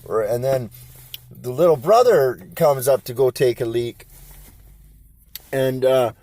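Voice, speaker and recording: A laid-back man tells a rambling, profane story. His voice is warm and mellow, with a close, dry sound. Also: mid-range voice, slow, dry recording. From Canada. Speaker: interviewee. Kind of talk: casual storytelling.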